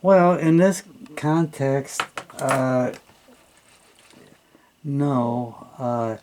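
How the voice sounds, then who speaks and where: A man's voice: medium pitch, extremely slow, noisy background. A man tutoring English, reading a text aloud and explaining it in a patient, plainspoken way with frequent fillers.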